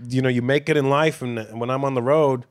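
A man in casual chat, blunt and profane, tossing in quick asides. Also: mid-range voice, fairly even intonation.

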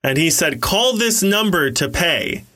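A man co-hosting a podcast, telling animated stories and laughing often, and saying he is exhausted. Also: high-pitched, measured pace, slight background noise. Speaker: podcast co-host. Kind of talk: casual storytelling.

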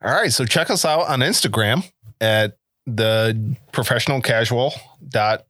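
A man hosting a podcast as game master, making jokey deadpan plugs in casual chat. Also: medium pitch, a little slow, no echo.

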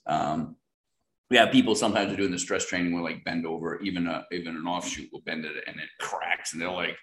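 A man's voice: deep voice, steady tone, fairly quick, fairly bright tone, roomy sound. A man speaking as the guest in a casual interview, rambling with lots of fillers and restarts. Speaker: guest product expert.

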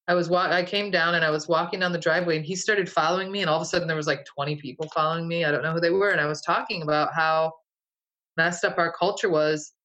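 A woman's voice: on the low side, steady tone, quick pace, a bit bright, lo-fi sound. A woman recounting a vivid dream to an interviewer in a casual, rambling way, full of fillers and restarts. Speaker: guest. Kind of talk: casual storytelling.

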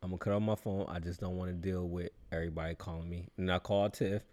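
A man's voice: sits low, little pitch movement, quick pace, darkish tone. Laid-back slangy man telling a story. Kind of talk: casual chat.

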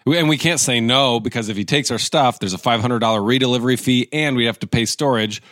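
A man telling a long story in a casual podcast chat, animated, acting out other people's lines in raised voices. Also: medium pitch, fast, no room sound, studio quality.

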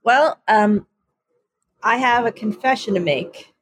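A woman co-hosting a podcast in casual chat, telling stories in an animated, self-mocking way. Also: on the high side, slow pace, no echo. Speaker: podcast co-host.

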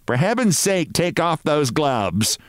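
A man doing a shrill, bossy older woman. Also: sing-song, takes it slowly, no echo, studio quality. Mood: mocking. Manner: shrill, shouting and braying. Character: bossy loud older woman office adviser.

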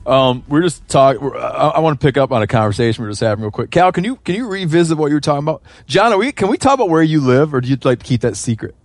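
A man's voice: on the high side, animated, racing, few pauses, no echo. A man hosting a casual podcast, congested with a sore throat, who talks loosely and restarts his sentences. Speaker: podcast host.

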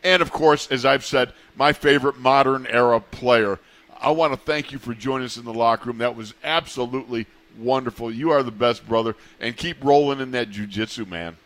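A man's voice: medium pitch, a little fast, fairly bright tone. A man co-hosting a sports radio show, talking in a rambling, easygoing way. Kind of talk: casual sports radio chat.

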